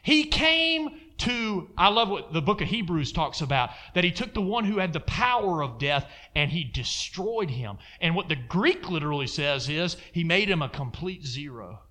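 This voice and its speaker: A man's voice: a little high, sing-song, normal speed, few pauses, sharp tone. A man preaching a sermon in an emphatic way, throwing asides like "amen?" to his congregation.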